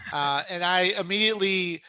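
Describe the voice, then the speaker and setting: A man's voice: high voice, moderate pace, bright, forceful tone, clean tone. A man playing a tabletop game, telling his part in a sheepish, laughing way. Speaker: player. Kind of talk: casual tabletop play.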